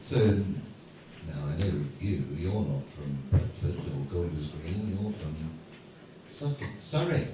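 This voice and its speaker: Speaking slowly but animatedly in a low voice, a guest speaker at a fan event jokes with the audience and spins rambling stories at his own expense. He's on stage in a large hall before a live crowd, captured noisily by a distant mic with heavy hall echo.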